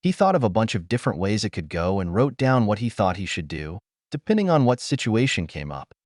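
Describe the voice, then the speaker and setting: Low-voiced man narrating an audiobook. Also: sing-song, a little fast, dry recording, clean studio sound.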